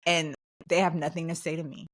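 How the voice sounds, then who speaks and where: A woman's voice: low-pitched, level tone, a little fast, a bit bright. Emphatic woman podcast co-host. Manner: heated, emphatic ranting. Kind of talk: casual chat.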